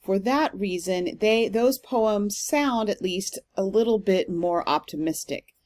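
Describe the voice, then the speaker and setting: A woman, a literature instructor, giving a recorded online lecture in an explanatory, steady way with frequent ums. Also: medium pitch, a little slow.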